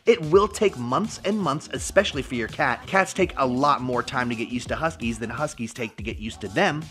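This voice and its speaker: Lively playful man giving pet tips. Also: a little high. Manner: playful, animated, slangy. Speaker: dog trainer vlogger. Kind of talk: casual instructional vlog.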